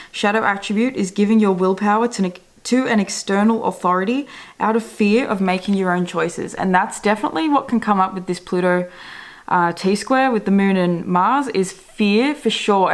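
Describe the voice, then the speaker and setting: Young woman doing a loose chatty tarot reading, curses a lot, laughs and restarts words, medium-pitched voice. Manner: rambling and chatty, swears casually; laughs often and self-corrects mid-word. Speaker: tarot reader and astrologer. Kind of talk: casual daily horoscope reading.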